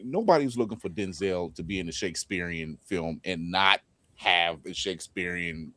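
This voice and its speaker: A man's voice: low voice, normal speed, sharp tone, no echo. A man co-hosting a casual group chat, laid-back and joking. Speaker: podcast co-host.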